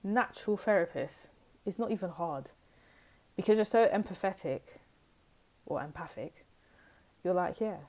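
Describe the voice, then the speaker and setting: A woman's voice: fairly low pitch, animated, moderate pace, pauses often, darkish tone. A woman giving a casual, rambling tarot reading to her viewers, full of fillers and asides. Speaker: tarot reader.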